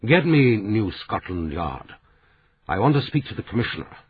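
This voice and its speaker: A man's voice: fairly low pitch, very animated, normal speed, narrow, tinny audio, slight background noise, pitched above the performer's own voice. A man voicing an angry older man of rank in an audiobook, giving curt orders. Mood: angry, commanding.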